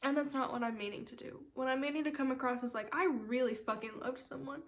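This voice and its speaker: A sad, teary woman talking to camera in a confessional video diary at home, rambling and halting, sometimes trailing off into soft whispers. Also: sits high. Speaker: vlogger.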